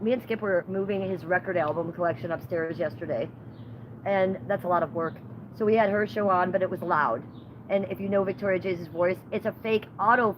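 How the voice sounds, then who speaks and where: A woman's voice: mid-range voice, noisy background. A woman hosting her own livestream, rambling through profane, gossipy stories in casual chat. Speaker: livestream host.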